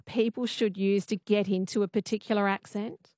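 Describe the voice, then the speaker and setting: A woman hosting a radio interview, introducing clips in a brisk, conversational way. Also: medium pitch, steady tone, darkish tone, no room sound, studio quality. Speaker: radio host.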